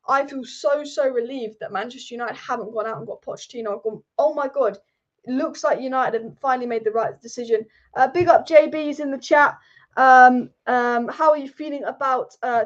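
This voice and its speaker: High-pitched excitable woman, rambling live fan host, dull lo-fi stream audio. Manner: excitable, rambling, repeats herself. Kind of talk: live fan commentary chat. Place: sitting at home.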